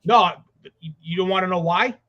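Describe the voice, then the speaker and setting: High-voiced, excitable man ranting. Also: moderate pace. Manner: excited, profane, rambling with restarts. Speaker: podcast co-host. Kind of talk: casual sports chat. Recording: dull lo-fi audio.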